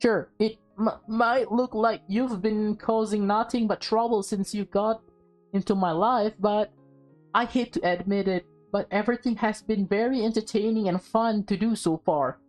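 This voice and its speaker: A woman voicing a tearful teenage girl in a game who speaks haltingly, choked up. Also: mid-range voice, darkish tone, soft background music, pitched above the performer's own voice, lightly acted.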